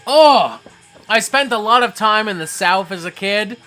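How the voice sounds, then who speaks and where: Tipsy male stream host, bright forceful voice, unhurried delivery, swears constantly, drops from mumbling to hype shouting. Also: high voice, animated, soft background music. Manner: profane, swings from mumbling to hyped shouting. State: tipsy, getting drunker. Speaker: livestream host reading chat. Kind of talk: rowdy live-stream chat.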